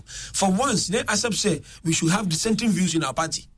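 A man talks politics on the radio, his voice riding high and his words tumbling out quickly. He swings between English and Twi in an excitable, commentary-driven delivery. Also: husky.

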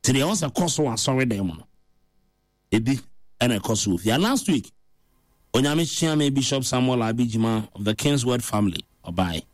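A man with a Ghanaian accent preaching in a conversational way, mixing languages and rising to high, emphatic pitch. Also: expressive, moderate pace, dry recording, clean studio sound.

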